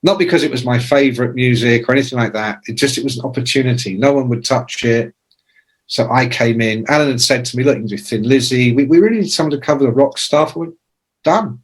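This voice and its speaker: A man in his sixties, a music journalist, telling anecdotes as a podcast guest, casual and swearing, with loud imitations. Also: medium pitch, quick pace, breathy edge. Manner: animated anecdotes with shouted imitations. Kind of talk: casual storytelling.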